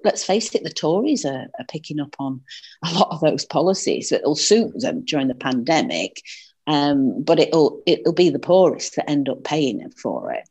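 Low-voiced Northern English woman campaigner. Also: darkish tone, slightly rough. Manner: earnest, many fillers and restarts. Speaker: political campaigner guest. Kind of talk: conversational political interview.

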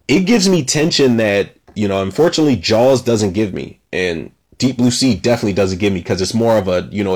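Laid-back rambling man reviewing movies. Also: medium pitch. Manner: laid-back, rambling, profane, many fillers and restarts. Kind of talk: casual movie review monologue.

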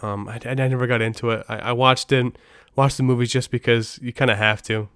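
A middle-aged man chats casually as a podcast host, looping back and restarting his sentences as he goes. His voice is smooth and resonant. The recording is close and dry. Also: medium pitch, steady tone, a little fast, fairly bright tone, no room sound. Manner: rambling, self-interrupting, frequent restarts.

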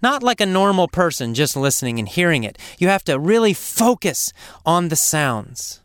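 A man teaching English learners in a slow, emphatic, deliberate way, now and then dropping to a hushed aside for effect. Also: fairly high pitch, sing-song, smooth, no echo, studio quality. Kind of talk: spoken lesson to learners.

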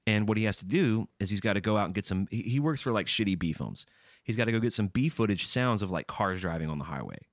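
A man's voice: on the low side, lively intonation, fast, no room sound, studio quality. A man co-hosting a podcast in casual chat, rambling through stories and swearing freely. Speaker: podcast co-host.

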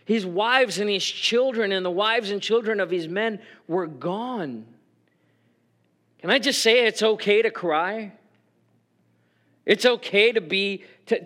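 A man's voice: sits high, a little slow. A man preaching a sermon as pastor, talking in an earnest, conversational way with frequent restarts and open emotion. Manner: emotional, openly expressive.

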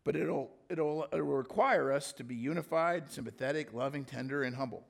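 A man's voice: a little high, normal speed, gravelly. A male pastor preaching a sermon, telling a story with dramatic shifts.

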